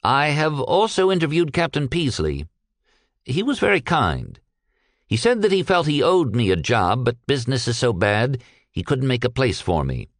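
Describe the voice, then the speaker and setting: An earnest, cheerful young veteran, as a man reading the story puts him on. He speaks politely and with confidence, his voice a little raised and lively. The sound is dry and close. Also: mid-range voice, normal speed, no echo, voice pushed up. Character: cheerful young one-armed ex-soldier.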